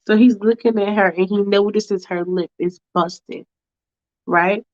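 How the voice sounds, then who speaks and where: A woman's voice: medium pitch, fairly even intonation, moderate pace. A woman narrating a casual fanfiction storytime with chatty, laughing, slangy asides. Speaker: storyteller and show host. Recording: dull lo-fi recording.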